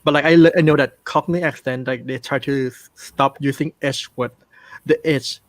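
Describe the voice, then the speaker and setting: A man with a Thai accent talks in a loose, halting way, often stopping with "um" to find his words. His voice sits at a middle pitch and sounds close and dry, with little room around it. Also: steady tone, no echo. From Thailand. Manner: hesitant, many ums and restarts. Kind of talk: casual chat.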